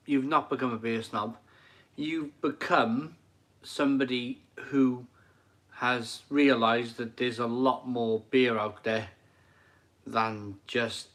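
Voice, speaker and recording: Guy on a live stream, unhurried, rambles and repeats himself, keen on it all, in his kitchen. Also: mid-range voice, fairly bright tone. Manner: enthusiastic and rambling, repeats phrases. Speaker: live stream beer reviewer reading viewer comments. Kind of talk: casual live stream chat. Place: home kitchen.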